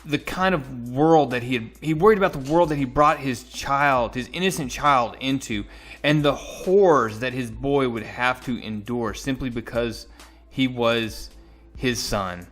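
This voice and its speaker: A man's voice: medium pitch, fairly bright tone. A man casually recapping and reviewing a comic book issue, enthusiastic and recounting with small restarts.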